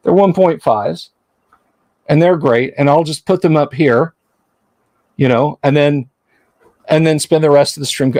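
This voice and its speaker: A man's voice: fairly high pitch, measured pace, pauses often, darkish tone, dry recording. A man hosting a casual livestream, rambling and joking about himself. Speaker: livestream host.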